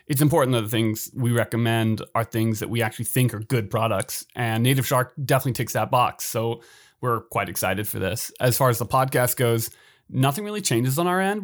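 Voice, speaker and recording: Relaxed male podcast co-host. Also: medium pitch. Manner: relaxed, rambling, self-deprecating. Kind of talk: casual bilingual podcast chat.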